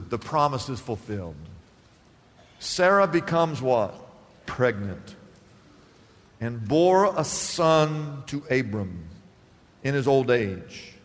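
A man preaching a lively sermon, who acts out the voices of the figures in the Bible story. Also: fairly high pitch, long reverb tail. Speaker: pastor.

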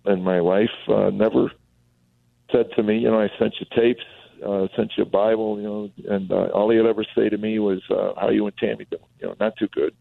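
A man's voice: on the low side, level tone, a little fast, creaky, dry recording. A middle-aged comedian telling his life story on a radio talk show, acting out the voices of people he quotes. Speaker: comedian and author guest. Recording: tinny phone line.

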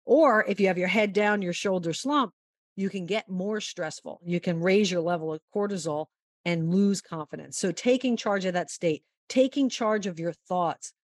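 A woman golf mental-game coach giving a long, animated interview answer and acting out the quotes in her story. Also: fairly low pitch, moderate pace, dry recording, studio quality.

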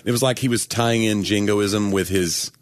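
Comedian guy chatting on a podcast, low voice, dry deadpan stories, no room sound. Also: normal speed, no room sound. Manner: dry storytelling, acts out joke lines. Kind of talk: casual chat.

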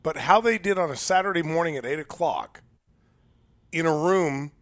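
A man's voice: on the high side, normal speed. A middle-aged man co-hosting a radio talk show, chatty and opinionated, often stumbling over and repeating words. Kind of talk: casual morning radio banter.

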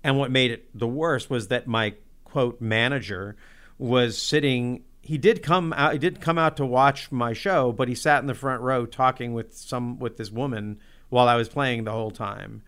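A man tells a story from his life as a musician in a loose, excitable way, full of "like" and self-mockery. His voice is smooth and resonant, sitting at an ordinary male pitch. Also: normal speed. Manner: excitable, self-deprecating, heavy use of "like". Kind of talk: casual personal storytelling.

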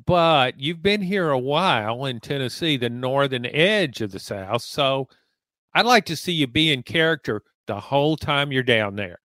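A man's voice: mid-range voice, animated, normal speed, a bit bright, no room sound. A man from Louisiana co-hosting a sports podcast, ribbing his partner in a mock-stern way. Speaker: podcast co-host, columnist. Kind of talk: casual sports podcast chat.

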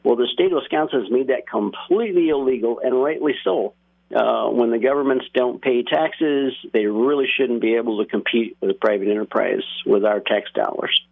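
A man calling in to a radio show, speaking in a halting, plainspoken way. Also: medium pitch, gravelly. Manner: halting, plainspoken, many fillers. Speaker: caller. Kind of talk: phone-in opinion. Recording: phone line.

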